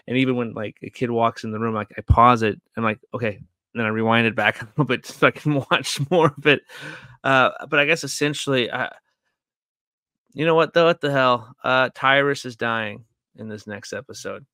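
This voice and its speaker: Guy rambling on a podcast, keeps restarting sentences, chuckles a lot, mid-pitched, dry. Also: moderate pace, sharp tone, smooth, no room sound. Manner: rambling, full of likes and restarts; laughs often mid-sentence. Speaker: podcast co-host reviewing a TV series. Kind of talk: casual podcast chat.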